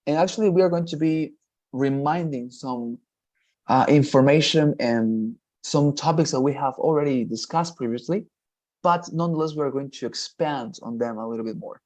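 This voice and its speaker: A man's voice: a little high, moderate pace, a little mellow, lo-fi sound. A man teaching English in a one-on-one lesson, encouraging and patient, often repeating praise.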